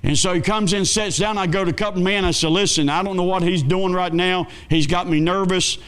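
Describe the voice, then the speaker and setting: A male pastor, telling a folksy story in a sermon with dramatic swings between excited and hushed. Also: high voice, brisk, smooth.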